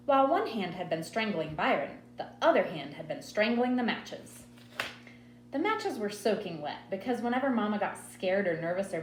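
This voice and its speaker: A woman reads a novel aloud in first person, her pitch rising and falling freely. The sound is roomy, as if recorded in a room at home. A faint hum sits under the voice. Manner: expressive storytelling read. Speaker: audiobook reader.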